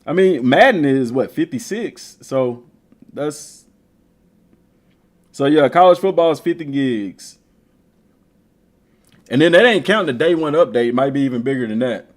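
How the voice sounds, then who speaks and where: Man, gaming streamer, lively swooping pitch, slangy trash talk. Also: normal speed, pauses often. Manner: animated, trash-talking, slangy. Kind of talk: casual chat while browsing a game.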